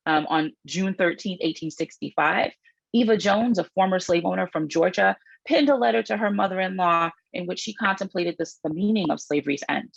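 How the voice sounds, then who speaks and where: A middle-aged woman author reads her book aloud to an audience, stopping for asides with plenty of fillers and restarts along the way. Her voice is husky and gravelly. The recording is dry and a bit dull. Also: fairly quick, no echo. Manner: raises her pitch when reading quoted passages, frequent fillers and restarts. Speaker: author giving a public book talk.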